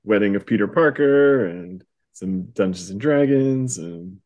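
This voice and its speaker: Casting note: man, somewhat low voice, chatty and wry podcast co-host. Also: animated, darkish tone. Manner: chatty, wry, quick bursts with small laughs. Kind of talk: casual chat.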